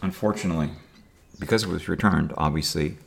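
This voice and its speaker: A man's voice: low-pitched, fairly quick, creaky, noisy background. A man talking to camera in a rambling personal monologue, with dry sarcastic humor and many fillers and restarts. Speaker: video diarist.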